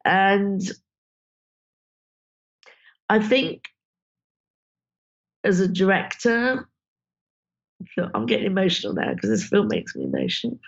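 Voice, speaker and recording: A woman's voice: medium pitch, huge pitch swings, slow, gravelly, pauses often. A woman film director, talking casually and emotionally in an interview, full of "you know" fillers. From Britain. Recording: dull lo-fi sound.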